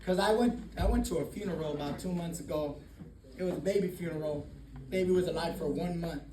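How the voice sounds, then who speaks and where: A man's voice: a little high, fairly quick. A man speaking candidly at a recovery meeting, swearing freely and laughing often as he shares his story. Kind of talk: personal testimony talk. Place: meeting room. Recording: roomy, distant mic, faint noise.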